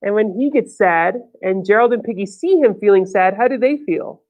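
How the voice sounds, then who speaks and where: A woman reading a picture book aloud to a child, animated and encouraging, stopping to ask him questions. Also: medium pitch, normal speed, lo-fi sound.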